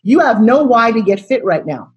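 A woman in her sixties speaks bluntly and forcefully as a motivational coach in an interview. Her voice sits a little high for a woman. She keeps driving home her point and presses her guest with the same questions again and again. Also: very animated, moderate pace, lo-fi sound. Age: 60s.

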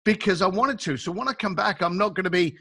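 Male guest, bright and forceful, animated storyteller, slangy. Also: sits high, quick pace, slightly rough. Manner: animated, chatty, acts out quotes; informal slang. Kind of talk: casual storytelling.

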